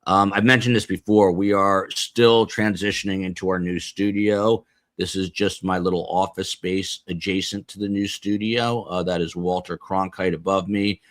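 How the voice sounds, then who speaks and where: A man's voice: low-pitched, steady tone, normal speed, no echo, clean studio sound. A man hosting a live stream, casually rambling and joking as he reads out where his viewers are tuning in from. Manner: rambling, jokey, reading out viewer locations. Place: small office beside a studio.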